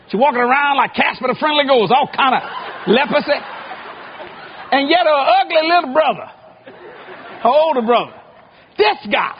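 A male preacher giving a joking, animated sermon, often shouting, heard on a lo-fi recording. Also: very high voice, a little hiss or hum. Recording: lo-fi muffled recording.

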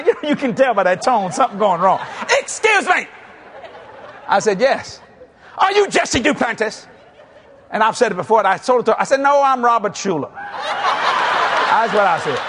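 A man preaching a sermon, telling a story with shouts and acting out both sides of the exchange. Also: high-pitched. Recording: live with a faint crowd and noise.

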